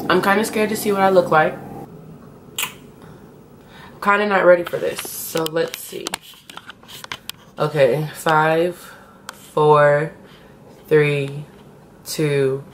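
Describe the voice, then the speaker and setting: A woman's voice: low voice, fairly even intonation, takes it slowly, pauses often, slight background noise. Slangy, chatty young woman vlogger. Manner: chatty, slangy, addresses viewers as y'all. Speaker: beauty vlogger. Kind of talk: casual makeup tutorial talk.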